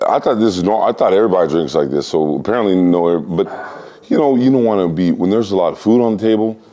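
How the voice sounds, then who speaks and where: A man in his forties from the United States, an interview guest telling a casual, animated anecdote and acting out other people's lines. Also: low-pitched, quick pace, dull audio. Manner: animated storyteller who acts out other people's lines in exaggerated voices. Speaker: interview guest, former fighter.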